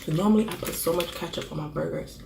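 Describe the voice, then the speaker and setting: Female food vlogger, casual mukbang chat, gravelly edge, echoey home room. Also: sits low, fast, noisy background. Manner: chatty, savoring with frequent mm sounds between bites. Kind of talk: casual mukbang eating vlog.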